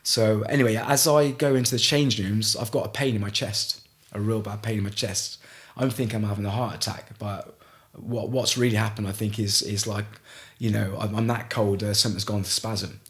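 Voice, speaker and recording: A middle-aged man from Gloucester, telling a story as a podcast guest in a halting way, with frequent restarts. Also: on the low side, steady tone. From Gloucester, England. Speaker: guest, ice swimmer. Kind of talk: casual storytelling in a podcast interview.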